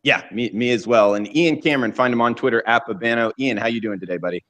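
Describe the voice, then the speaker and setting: A man hosting a sports betting roundtable, introducing guests in a relaxed way. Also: medium pitch, quick pace. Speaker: host. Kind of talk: casual show hosting.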